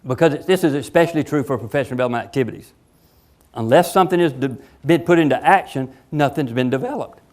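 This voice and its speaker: A man's voice: medium pitch, fast. A man giving a workshop talk to college faculty, emphatic and rhetorical, acting out quoted voices and firing repeated questions at his audience. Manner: animated, acts out quoted voices. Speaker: faculty development speaker.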